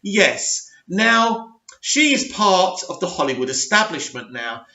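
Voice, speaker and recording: Sitting high and sing-song with a sharp tone, this man's voice moves at a slow pace with hardly any pauses. As a channel host, he reads an article and ridicules it in a sarcastic, scornful, often laughing rant of reaction commentary. The sound is dull lo-fi in an echoey room.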